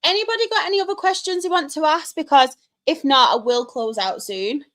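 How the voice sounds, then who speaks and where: A young woman from Manchester with a Mancunian accent chats on a live stream, answering her viewers' questions. She laughs often and keeps up friendly banter. Her voice sits a little higher than most women's. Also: fairly quick, fairly bright tone. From Manchester, England. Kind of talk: casual live-stream chat.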